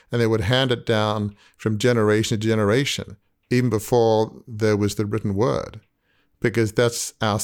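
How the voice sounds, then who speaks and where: A man hosting a podcast, speaking reflectively and asking his guest questions. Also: fairly low pitch. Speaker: podcast host. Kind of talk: casual interview.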